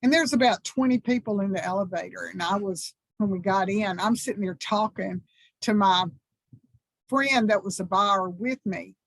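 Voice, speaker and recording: A Southern US woman in her sixties, a reverend appearing as guest speaker, tells personal stories during a church talk in an enthusiastic, folksy way. Her voice sits at medium pitch and moves at a normal speed. The audio is poor, with no room sound.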